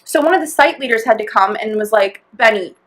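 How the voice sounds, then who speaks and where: A woman's voice: fairly high pitch, animated, fast, fairly bright tone. A young woman co-hosting a podcast, telling a long story in a rambling, laughing way, full of "like" and acted-out quotes. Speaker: podcast co-host. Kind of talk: casual chat storytelling.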